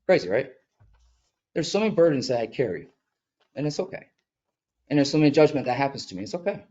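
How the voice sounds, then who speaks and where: A man who is a mural artist, speaking earnestly and with emotion at a village board meeting, sometimes halting as he gets choked up. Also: fairly high pitch, sing-song, dark tone, dull audio. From upstate New York. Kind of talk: emotional public comment. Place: public meeting room.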